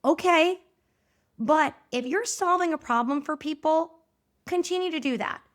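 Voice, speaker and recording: A high-pitched woman in her thirties hosts a solo podcast talk. She speaks to her listeners directly, in a chatty, animated, encouraging way. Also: moderate pace. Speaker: podcast host.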